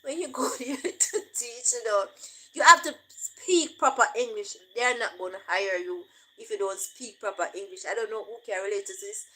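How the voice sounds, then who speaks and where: A woman's voice: on the high side, normal speed, bright, forceful tone, a little hiss or hum, rough recording. A woman with a Jamaican accent talking casually, slipping between English and patois and often laughing. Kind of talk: casual monologue.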